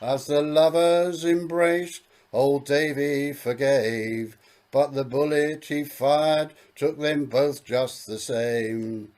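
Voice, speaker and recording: A man's voice: a little high, steady tone, darkish tone. A man singing a comic story ballad as a singer-songwriter. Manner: slow sung storytelling.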